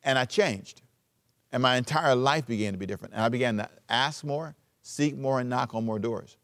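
A man preaching a sermon as pastor, emphatic, switching between loud urging and quiet asides. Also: mid-range voice, normal speed.

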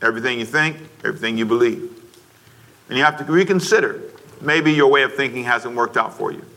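A man's voice: medium pitch, a little fast, pushed and bright. A man pastor delivering a sermon, preaching emphatically with repetition and calling on listeners to repeat after him. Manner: emphatic preaching with repetition and call-and-response prompts.

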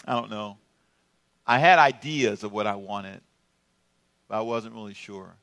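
A man's voice: medium pitch, bright, forceful tone. A middle-aged male pastor preaching a sermon in a humorous, playful way, drawing responses from the congregation.

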